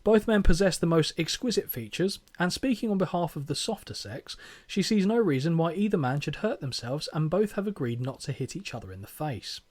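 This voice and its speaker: A man's voice: on the high side, expressive, fairly quick, few pauses, darkish tone. A man co-hosting a podcast, joking and bantering while he reads from his notes. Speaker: podcast co-host. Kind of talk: casual chat reviewing a wrestling event.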